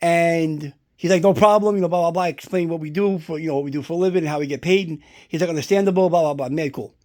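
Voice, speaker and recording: A man's voice: on the high side, steady tone, fast talker, mellow. A man talking casually at home, rambling through a story and swearing often as he shows off a collectible prop. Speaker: collector showing a movie prop. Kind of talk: casual unboxing vlog. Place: indoors at home.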